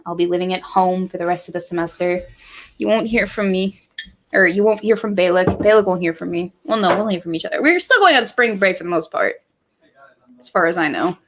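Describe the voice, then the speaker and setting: A woman's voice: lowish voice, fairly quick. Young woman vlogger, tipsy, emotional, swears a lot, casual chat. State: drinking, tipsy. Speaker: college student vlogger.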